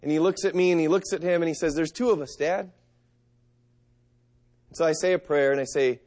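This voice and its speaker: A middle-aged man delivers a sermon in an earnest, conversational manner. His voice sits somewhat high for a man, and he moves easily between reading scripture and talking plainly to the congregation. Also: a little fast, pauses often, darkish tone. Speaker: pastor.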